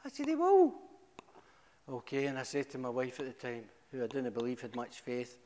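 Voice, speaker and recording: A middle-aged man giving a humorous, animated testimony to a church, with sudden high exclamations. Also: brisk. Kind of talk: storytelling testimony. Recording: echoey hall.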